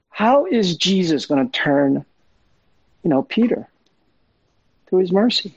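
A man's voice: high-pitched, very animated, slow, pauses often, husky, no echo. A man preaching a sermon in a conversational, emphatic way, full of fillers and asides. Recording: dull lo-fi sound.

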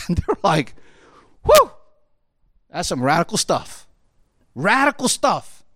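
A male pastor preaching with a high, lively voice that rises and falls a lot. He talks to the congregation in a casual, conversational way and keeps asking "right?". The sound is dry and close. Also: no room sound. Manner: animated, conversational preaching with constant "right?" tag questions. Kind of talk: sermon.

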